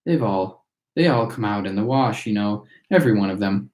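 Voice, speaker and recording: A man reading as a brisk eccentric candy maker. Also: on the low side, lively intonation, a little mellow, close to an everyday voice. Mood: reassuring. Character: eccentric male chocolate factory owner. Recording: roomy echo.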